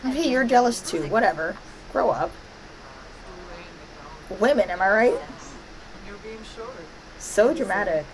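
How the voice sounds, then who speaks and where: A woman's voice: mid-range voice, lively intonation, slow, pauses often, crowd noise, low-quality recording. A woman streaming a life-sim game, commenting playfully and bossing her characters around. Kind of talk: live gameplay commentary.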